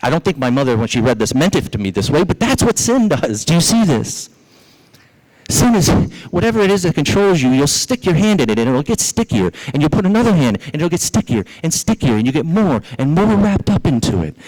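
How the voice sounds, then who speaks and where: Southern pastor preaching with animated storytelling. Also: male voice, a little high, fast, hardly any pauses, rough recording. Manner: animated storytelling, addresses the congregation directly. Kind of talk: sermon.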